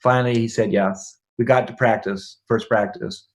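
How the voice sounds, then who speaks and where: Sitting as an interview guest, a middle-aged man animatedly tells a personal family story, laughing along and checking in with his listener. His voice is lowish and his pace moderate.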